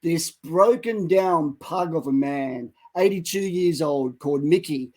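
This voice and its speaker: A middle-aged man co-hosting a Christian show, preaching with dramatic retellings that build to loud exhortations. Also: a little high, a little slow, rough recording. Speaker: co-host of a Christian online show. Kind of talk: impassioned preaching and storytelling.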